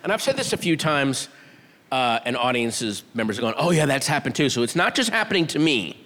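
A man's voice: mid-range voice, a little fast. A man performing a stand-up comedy set, telling stories with exasperated energy and acting out voices. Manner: animated, exasperated storytelling with acted-out voices. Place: theater stage. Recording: live show in a hall with audience.

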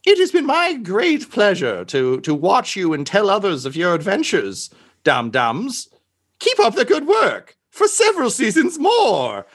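A man's voice: sits high, huge pitch swings, a little slow, fairly bright tone, pitched above the performer's own voice, full character voice. A man voicing a weary male official in a robe who speaks with wry, crude asides. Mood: fond.

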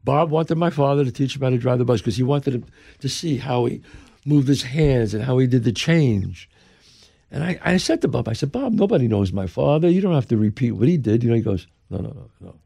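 A man's voice: medium pitch, fairly quick, vocal fry, slightly rough, dry recording, clean studio sound. An older man from the Bronx with a New York accent, telling a story as an interview guest and acting out the people he quotes. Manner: lively, emphatic storyteller who acts out the people he quotes. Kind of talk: animated storytelling.

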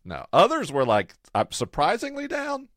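Deep-voiced playful man in casual chat. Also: normal speed, no echo, studio quality. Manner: playful, punning, animated storyteller. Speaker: co-host.

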